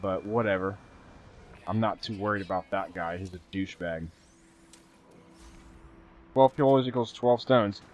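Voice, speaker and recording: A man streaming live gameplay, chatty and excitable, thanking viewers and swearing casually as he plays. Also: fairly low pitch, a little slow, pauses often, lo-fi sound, a little hiss or hum.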